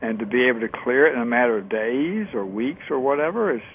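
A man's voice: mid-range voice, lively intonation, fast, slight background noise. A man co-hosting a casual radio talk, chatty and laughing easily, with loose trailing sentences. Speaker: co-host. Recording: narrow phone-like radio sound.

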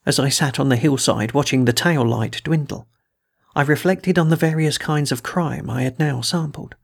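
A man reading a first-person adventure story aloud in a measured, dramatic way, giving the dialogue some voice. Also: medium pitch, creaky. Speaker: audiobook reader.

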